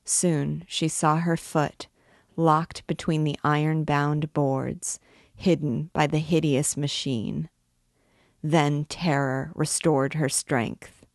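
Slow, low-voiced woman reading aloud. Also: fairly even intonation, no echo, clean studio sound. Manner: slow, deliberate narration. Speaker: book reader and guide. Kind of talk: audiobook reading.

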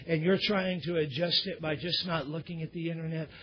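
A male pastor preaching a sermon in church, swinging from loud emphatic bursts down to near whispers. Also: on the high side, fairly even intonation, a little fast, muffled recording, slight background noise.

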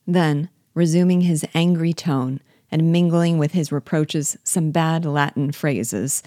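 A woman reading a classic novel aloud with steady, measured storytelling, close to the mic. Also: deep voice, no room sound. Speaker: audiobook reader.

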